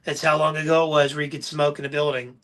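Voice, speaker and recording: A man hosting a casual podcast chat, his voice bright and a touch higher than most men's. He tells stories eagerly and keeps the talk lively and friendly. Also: quick pace, vocal fry. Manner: enthusiastic storyteller. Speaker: podcast host.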